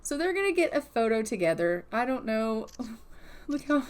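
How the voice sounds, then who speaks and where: A woman's voice: fairly high pitch, sing-song, normal speed. A woman giving casual, rambling commentary on a life-sim game she is playing, often hedging her thoughts. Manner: chatty and rambling, hedges often.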